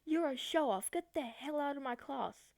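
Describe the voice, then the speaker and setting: A woman's voice: mid-range voice, normal speed, vocal fry, a little mellow, dry recording, studio quality, lightly acted. A woman quoting a harsh old male teacher. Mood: scolding. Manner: scolding, insulting.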